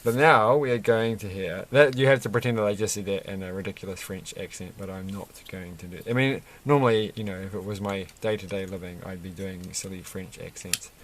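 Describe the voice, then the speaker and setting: Low-pitched and fairly quick, a man barely pauses as he chats through a Lego build at his desk for his review. He meanders, using many fillers and restarts, and there's a faint hiss or hum.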